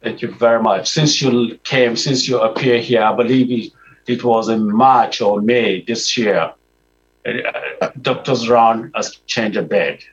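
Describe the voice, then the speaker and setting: A man hosts a health show with formal, welcoming introductions. His voice sits at a middle pitch. The sound is somewhat dull and lo-fi. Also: fairly even intonation, a little slow. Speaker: host. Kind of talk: health talk show hosting.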